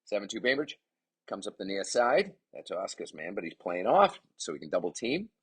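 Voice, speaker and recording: A man giving chatty, excitable play-by-play commentary on his son's game, with rambling asides. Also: lowish voice, fairly quick, slightly rough. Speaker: parent commentator.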